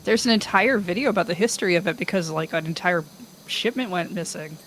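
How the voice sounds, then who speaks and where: A woman's voice: fairly low pitch, a little fast, fairly bright tone, slight background noise, poor audio. A woman in casual gaming stream chat, speaking in a matter-of-fact way.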